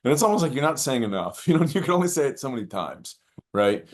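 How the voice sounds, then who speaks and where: A man as a podcast guest, telling reflective personal stories with animated, acted-out moments and many "you know" fillers. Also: medium pitch, quick pace. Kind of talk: reflective storytelling in conversation.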